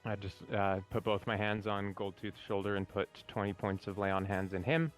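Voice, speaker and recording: A man's voice: fairly low pitch, fairly even intonation, normal speed, soft background music. A man playing a tabletop game, casual, declaring his character's moves. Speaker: player.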